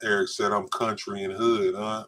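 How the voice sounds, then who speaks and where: A man's voice: lowish voice, flat delivery, normal speed, a bit bright. A man co-hosting a casual podcast, reading viewer comments aloud and joking with a laugh. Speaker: podcast co-host reading live chat. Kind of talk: casual live-stream chat.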